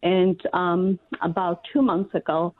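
A woman calling a radio show about her daughter, speaking hesitantly with many pauses. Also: on the low side, flat delivery, no room sound. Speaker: caller. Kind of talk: radio call-in question. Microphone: phone line. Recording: tinny phone line.

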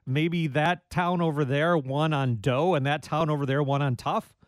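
A man's voice: on the high side, steady tone, moderate pace, dry recording. A man hosting a public radio call-in show, talking in a friendly, conversational way and chuckling now and then. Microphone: studio microphone.

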